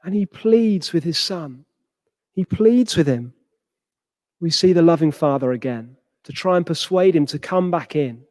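A man delivers a sermon in a high, bright voice, and he acts out the quoted lines of the people in his story. The sound is dry and close, with no room echo. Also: expressive, unhurried. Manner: acts out quoted characters with rising pitch. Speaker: preacher.

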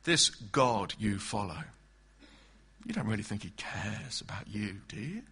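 Guy doing a sneaky mocking serpent, brightish voice that swoops around, all sly questions. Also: lowish voice, sing-song, a little slow, slightly rough, voice pushed down, full character voice. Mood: taunting. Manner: wheedling, mocking, insinuating questions. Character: sly tempting serpent, male, scornful.

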